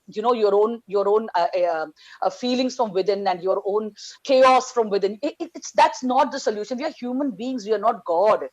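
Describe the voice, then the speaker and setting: Woman, fairly high voice, fiery, blunt, mild swearing, passionate panel talk. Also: muffled recording. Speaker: panel speaker.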